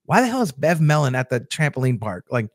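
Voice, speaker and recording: A man's voice: medium pitch, big pitch swings, fast, no echo. A man hosting a casual TV recap show, rambling chattily to his viewers with lots of fillers and restarts, on a close mic. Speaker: host of a TV episode recap show.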